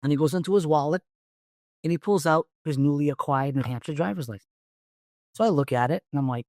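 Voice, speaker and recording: A middle-aged man tells an old police case in a blunt, profane way, playing out both sides of the conversation. His voice sits at an ordinary middle pitch. The recording is dry and close, with no room sound. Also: fast talker, no echo. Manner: blunt, profane, animated storyteller acting out dialogue. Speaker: retired police detective, guest. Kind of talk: storytelling in a podcast interview.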